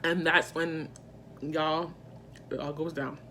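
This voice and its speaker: Brief: woman vlogger, unhurried drawl, animated slangy storytelling, quick asides to the audience, faint background hiss. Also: low-pitched. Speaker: vlogger telling a personal story. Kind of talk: casual storytime.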